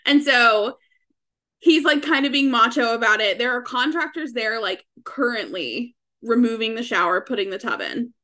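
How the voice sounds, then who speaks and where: Bright, gushing young woman podcaster. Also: fairly high pitch, animated, normal speed. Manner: gushing, frank, laughs often. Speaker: podcast co-host. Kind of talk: casual book-club chat.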